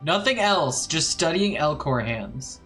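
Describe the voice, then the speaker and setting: A man's voice: fairly high pitch, expressive, measured pace, pushed and bright. A man streaming a video game live, chatting casually and playfully, humming little filler sounds while he decides what to do. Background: faint background music.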